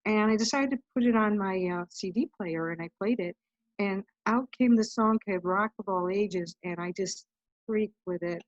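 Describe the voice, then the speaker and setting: A woman's voice: medium pitch, moderate pace, dry recording, dull audio. A woman guest telling a personal story in a casual, chatty way, often saying "I'm like". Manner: chatty, recounts events with lots of "I'm like". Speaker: podcast guest.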